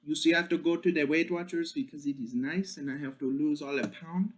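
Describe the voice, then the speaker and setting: Guy putting on a confused tourist dude, higher voice, stumbling over words. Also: natural voice. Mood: earnest, muddled. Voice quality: mock foreign accent, halting broken phrasing. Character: bumbling male foreign tourist, confused.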